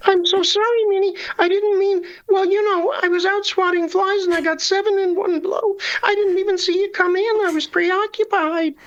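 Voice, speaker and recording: A chirpy cartoon mouse boy, pitched sky-high and sing-song. He sounds bashful and cheery. The recording is slightly dull and muffled. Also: steady tone, moderate pace, few pauses, a bit bright. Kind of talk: improvised impression.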